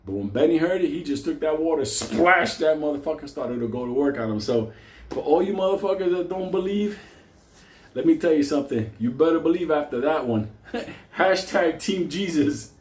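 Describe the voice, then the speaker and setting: A man telling a wild story in a loud, profane, laughing way, acting out the people he quotes. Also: fairly high pitch, animated, moderate pace, roomy sound, slight background noise.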